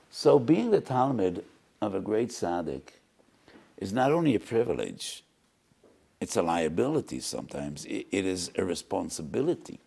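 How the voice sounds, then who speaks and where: Gravelly older rabbi lecturing passionately. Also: male voice, sits low, very animated, normal speed, warm tone. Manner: impassioned, rising to emphatic repeated questions. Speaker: rabbi giving a weekly Torah lecture. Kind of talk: Torah lecture.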